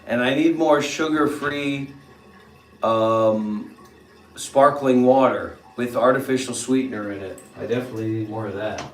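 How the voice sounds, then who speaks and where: A man hosting a livestream from a bathtub, loud, teasing and profane in joking banter. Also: mid-range voice, a little slow, reverberant. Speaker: livestream host.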